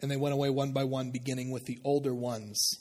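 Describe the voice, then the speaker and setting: A man preaching a sermon in a conversational way, asking the congregation questions and dropping low and slow to make a point. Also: flat delivery, darkish tone. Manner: drops low and slow for emphasis. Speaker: pastor.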